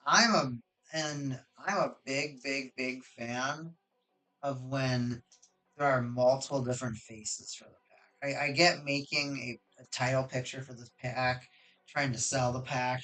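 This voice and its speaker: A streamer chatting casually while opening card boxes, excitable and talkative, restarting and correcting sentences often, on a loud high-gain desk mic. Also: a little slow. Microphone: hot desk microphone with high gain.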